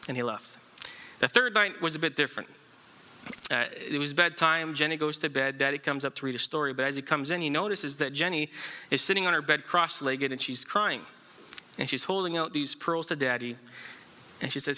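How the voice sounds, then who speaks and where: A man preaching a sermon in a very bright, slightly high voice. He speaks haltingly, with frequent fillers and restarts, as he tells a story to the congregation. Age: adult, married. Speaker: pastor.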